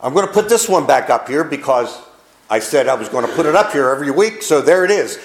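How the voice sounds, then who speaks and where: Man preaching with lively emphasis. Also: a little high, fast, reverberant. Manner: emphatic, rising and falling preaching cadence. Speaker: pastor. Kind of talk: sermon.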